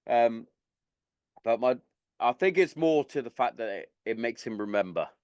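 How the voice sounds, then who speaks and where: A man's voice: medium pitch, expressive, normal speed, darkish tone, no room sound. A man hosting a podcast, chatting candidly and rambling a little, slightly tipsy. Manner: rambling, candid, swears freely. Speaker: podcast host. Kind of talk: casual podcast chat.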